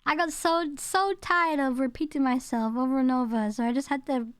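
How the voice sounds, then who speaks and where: A woman's voice: high-pitched, fairly even intonation, moderate pace, clear, resonant tone, no echo. A woman from the United Kingdom, a VTuber streamer, chatting casually and reading her chat aloud. She rambles, repeats herself, and tones down her home accent.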